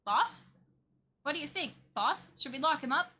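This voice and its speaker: A woman voicing an eager young male sidekick, reading game lines aloud with excited shouts. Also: high voice, moderate pace, voice pushed up.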